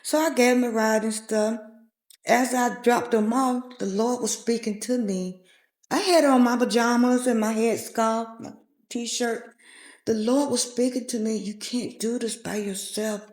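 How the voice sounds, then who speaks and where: Earnestly recounting a heartfelt personal story, a middle-aged woman speaks as a podcast interview guest. Her voice is a little high with a steady, darkish tone, and her pace is a little slow. The recording has room echo.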